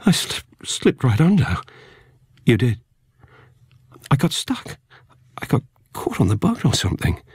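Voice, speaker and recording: A man's voice: mid-range voice, expressive, a little slow, pauses often, darkish tone, breathy edge, no room sound, studio quality, pitched above the performer's own voice, heavily acted. A man reading an audiobook, voicing a young man with a cold, clipped way of speaking. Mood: shaken. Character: young man, cold and wary, later shaken. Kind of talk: audiobook character voice.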